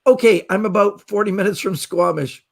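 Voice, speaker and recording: High-voiced Canadian man telling stories. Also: a little fast, gravelly. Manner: animated storyteller acting out quoted voices. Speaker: magician guest. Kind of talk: casual storytelling on a podcast.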